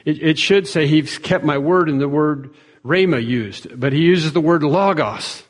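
A man preaching a sermon in an earnest, measured way, quoting speakers in small acted-out voices. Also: on the high side. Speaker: pastor. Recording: long reverb of a large hall.

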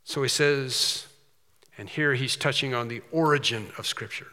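A man preaching a sermon, slow and emphatic with quicker asides. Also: mid-range voice, sharp tone, big-room sound.

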